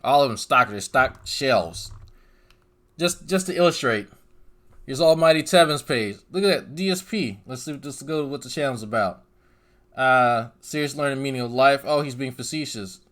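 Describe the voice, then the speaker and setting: A man's voice: medium pitch, lively intonation, normal speed, a bit bright. A man narrating a commentary video in a sarcastic, mocking tone. He repeats words over and over for effect and drops profanity in his asides. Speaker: commentary YouTuber.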